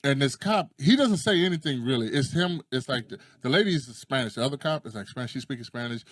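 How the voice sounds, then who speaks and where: Animated storytelling man, dry sound. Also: mid-range voice, fast talker, dry recording. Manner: animated storyteller who acts out quotes and swears freely. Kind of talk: casual chat.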